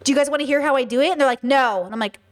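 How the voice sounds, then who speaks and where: Casting: woman, high voice, blunt casual commentary host, swears, acts out dialogue. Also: rapid-fire.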